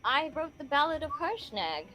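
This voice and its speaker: Lady doing a boastful celebrity bard, high bright voice, all drama. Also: sing-song, moderate pace, faint music behind, full character voice. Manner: boastful, flirtatious, theatrical. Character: vain showboating celebrity bard.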